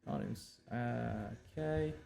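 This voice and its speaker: A man's voice: medium pitch, vocal fry, warm tone, faint music behind. Man thinking aloud while drafting a novel. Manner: halting, many fillers and restarts, reads draft lines aloud. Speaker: novelist live-streaming his writing.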